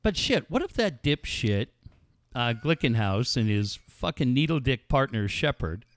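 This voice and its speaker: A sports radio host with an unhurried, medium-pitched voice tells stories on his talk show in a casual, animated and profane way.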